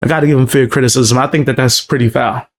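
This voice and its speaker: A man's voice: medium pitch, fairly even intonation, fast. A man streaming a casual live reaction to a video, blunt and slangy, calling things crazy and out of pocket.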